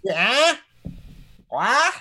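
Animated American man on a podcast. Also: very slow, dry recording, studio quality. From United States. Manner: animated, pitch jumps when excited, rambling. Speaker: podcast guest. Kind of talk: casual podcast chat.

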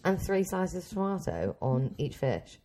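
A woman in her twenties co-hosting a podcast, chatting casually and asking lively, incredulous questions. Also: fairly low pitch, unhurried. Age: 20s. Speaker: podcast co-host. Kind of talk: casual chat.

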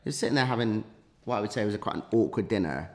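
A man's voice: fairly low pitch, lively intonation, racing, a little mellow. A man, a podcast guest, telling a long anecdote in casual chat with many fillers and restarts.

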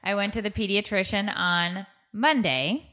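A woman's voice: mid-range voice, unhurried, sharp tone. A middle-aged woman hosting a podcast, telling stories in a rambling, casual way with many restarts. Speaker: podcast host. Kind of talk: casual chat.

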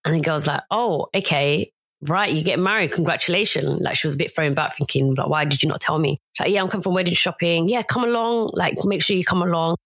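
Low-voiced, easygoing woman co-host. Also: quick pace, a bit bright, husky, dry recording. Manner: hesitant, easygoing, many fillers. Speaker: podcast co-host. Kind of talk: casual chat, storytelling.

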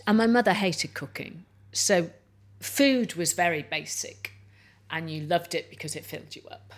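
A woman, a guest chatting over lunch and telling stories in a relaxed, chatty way. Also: on the low side, normal speed. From North Wales. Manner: chatty storyteller, lots of "like" and "you know". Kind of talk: casual chat over lunch.

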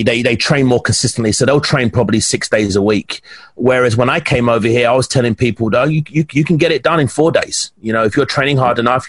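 A man's voice: mid-range voice, no echo. A man from England, a professional bodybuilder, telling stories animatedly in a casual podcast interview. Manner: animated storyteller, many restarts. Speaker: guest, pro bodybuilder.

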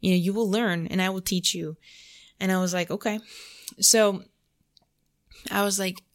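A podcast host with a mid-range voice and fairly even intonation talks at a moderate pace on her casual faith show. Her storytelling is heavy with "like," and she reenacts her own prayers aloud along the way.

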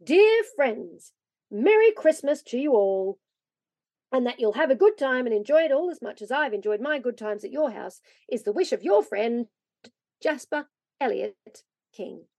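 A woman's voice: fairly high pitch, expressive, normal speed, dry recording. A woman reading aloud, voicing a cheerful boy dressed up as Santa Claus in a storybook. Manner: piping, cheerful.

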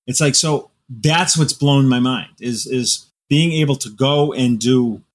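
A man talking as a novelist guest on a podcast, telling animated stories and laughing often. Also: mid-range voice, unhurried. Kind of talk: casual podcast conversation.

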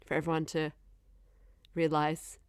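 A woman's voice: deep voice, completely flat delivery, unhurried, clear, resonant tone, no room sound. Young woman chatting casually, very dry sound. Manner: laughing often, acting out quoted lines. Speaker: podcast co-host. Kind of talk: casual chat.

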